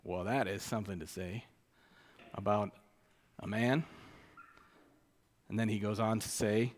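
Slow, deliberate male preacher in a hall. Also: lowish voice. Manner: slow, deliberate delivery with emphatic rises on quoted scripture. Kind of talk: sermon. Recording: long reverb of a church hall.

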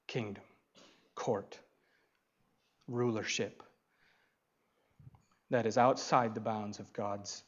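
Slow, emphatic male preacher. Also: on the high side, muffled recording. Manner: slow, emphatic, swings between loud declarations and quiet asides. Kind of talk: expository sermon.

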